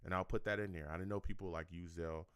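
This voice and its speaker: A man's voice: sits low, fast, clear, resonant tone, no echo, clean studio sound. A young man hosting a sports live stream, reading viewer comments in a casual chat and repeating himself with frequent laughs. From California. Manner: animated, laughs often, repeats phrases.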